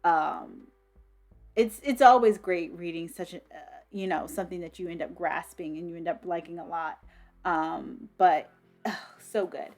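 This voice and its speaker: A woman giving a casual, enthusiastic book review, swearing freely and filling pauses with ums and restarts. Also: fairly low pitch, a little mellow. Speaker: book vlogger.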